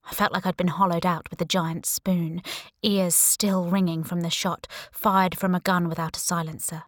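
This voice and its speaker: A woman narrating a first-person thriller audiobook, with wry, even storytelling on a close studio mic. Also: on the low side, dry recording.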